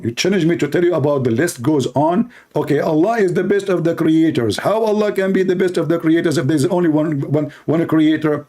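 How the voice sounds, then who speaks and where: A sarcastic man from the Middle East whose first language is Arabic, speaking as a Christian apologist in mocking debate commentary. His voice is mellow and on the high side, fairly quick with hardly any pauses. He comes across as blunt, sarcastic and mocking.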